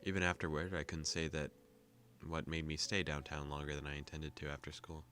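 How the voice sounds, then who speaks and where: A young man hosting a gaming video, calmly reading a visual novel aloud with joking asides. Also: very deep voice, fairly quick.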